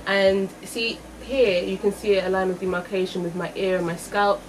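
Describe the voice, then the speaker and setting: A young woman talks through a beauty review, musing aloud and often doubling back on her words. Her voice sits at a middling pitch, and a faint hiss of room noise stays behind her. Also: little pitch movement, moderate pace, low-quality recording. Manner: chatty, thinking aloud, self-correcting. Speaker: beauty vlogger. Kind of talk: makeup review vlog.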